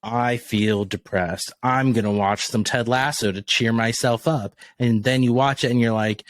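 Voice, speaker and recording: A man's voice: mid-range voice, steady tone, normal speed, few pauses, dry recording, clean studio sound. A man co-hosting a podcast in casual chat, blunt and profane, laughing often. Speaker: podcast co-host.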